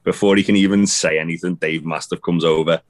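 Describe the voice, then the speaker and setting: Very deep-voiced man chatting. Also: fairly even intonation, a little fast. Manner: rambling, many restarts and fillers, swears casually. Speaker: podcast co-host. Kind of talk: casual chat about wrestling.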